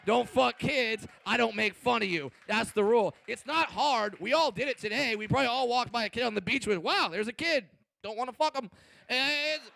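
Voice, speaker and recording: High bright-voiced guy in his 20s yelling profane stand-up jokes, gravelly edge. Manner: loud, brash, profane punchlines. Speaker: stand-up comedian. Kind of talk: stand-up comedy routine.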